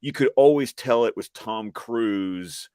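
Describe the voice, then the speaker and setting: A man from the Southern United States joins a casual film chat as a guest. He tells stories with theatrical animation in a mid-pitched voice, recorded close and dry. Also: slow pace, warm tone, clear, resonant tone, no room sound. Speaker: guest co-host.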